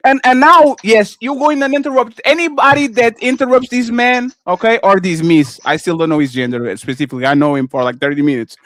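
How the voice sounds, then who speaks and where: A man's voice: high-pitched, brisk, few pauses, a bit bright, dry recording. A man co-hosting a live audio-room talk, repeating himself, cutting in and scolding with exasperation. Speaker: co-host.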